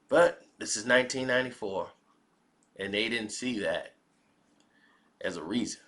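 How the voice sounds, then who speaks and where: A man giving spoken commentary in a measured, reflective way, often posing rhetorical questions. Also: fairly low pitch, a bit bright. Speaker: commentary vlogger.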